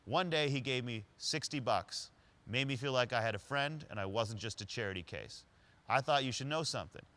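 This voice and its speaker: A man acting out a streetwise homeless man who is tough but kind, in a louder, higher, emphatic voice. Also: normal speed, lightly acted. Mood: earnest.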